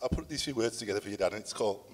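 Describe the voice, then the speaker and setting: A man's voice: on the low side, racing. A man in his sixties reading a eulogy for his father, emotional and struggling to get through it. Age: 60s. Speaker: son giving a tribute. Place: church.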